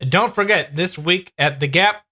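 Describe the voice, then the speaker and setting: A man's voice: high voice, moderate pace, over loud music. A man giving sarcastic, exasperated comedic reaction commentary as a YouTube host. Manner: sarcastic, exasperated, laughing at what he watches.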